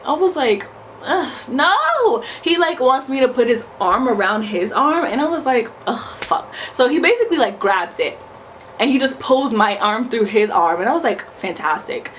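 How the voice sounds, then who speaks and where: A woman in her twenties from New York, telling a story in a casual vlog, animated, profane and emphatic. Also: on the high side, a little fast, a little hiss or hum. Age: 20s. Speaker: vlogger.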